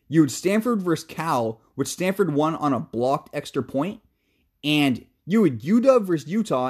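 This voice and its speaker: Fired-up young man ranting about football. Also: fairly high pitch. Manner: heated, animated, swears freely, calms himself down. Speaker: sports podcast host. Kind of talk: casual sports commentary rant.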